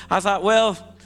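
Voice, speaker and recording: A man's voice: high-pitched, a bit bright, long reverb tail. A man preaching a sermon as pastor, talking in a conversational way that stops and restarts often, with asides to the congregation. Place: church sanctuary.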